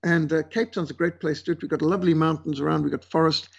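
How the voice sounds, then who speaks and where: A man's voice: fairly high pitch, fairly even intonation, fast, vocal fry, husky. A male missionary leader as an interview guest, talking earnestly and emphatically with some fillers.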